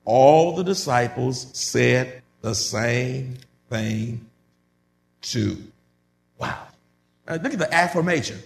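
A man preaching a sermon, reading scripture slowly and then breaking into loud, emphatic commentary. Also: mid-range voice, animated, vocal fry. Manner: builds from measured reading to loud emphatic bursts.

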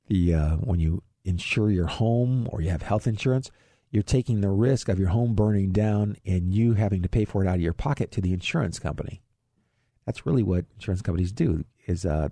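Middle-aged male radio money host from Ohio, folksy and chuckling, low husky dark voice, dry studio sound. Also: dry recording. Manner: folksy and chuckling, with frequent fillers and restarts. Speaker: radio show host, financial advisor. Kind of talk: casual radio talk on investing.

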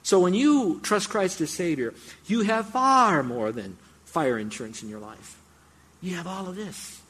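A middle-aged man preaching a sermon as a pastor, animated and excitable, breaking into sudden loud, high bursts. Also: measured pace, slightly rough.

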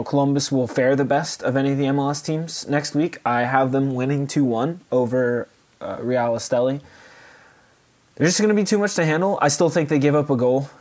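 A man's voice: medium pitch, a little mellow. Man co-hosting a podcast, hedging. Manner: hedging, lots of "um" and "you know". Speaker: podcast co-host. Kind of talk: casual sports podcast chat.

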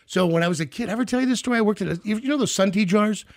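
A middle-aged man from the Kansas City area, hosting a casual chat and telling a story with animated, acted-out quotes. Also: high-pitched, racing. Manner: animated storyteller, acts out quoted voices loudly.

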